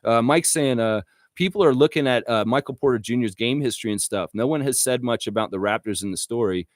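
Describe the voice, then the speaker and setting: A man's voice: mid-range voice, fairly quick, dry recording, clean studio sound. A man hosting a live stream, ranting with lots of swearing and reading viewer comments aloud. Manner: profane, excitable, reads chat aloud. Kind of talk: casual live-stream rant.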